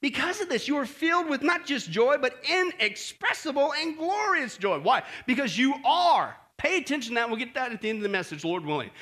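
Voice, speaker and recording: A man preaching a sermon as pastor, animated, often asking the congregation questions and adding friendly "okay?" asides. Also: extremely high pitch, brisk, hardly any pauses.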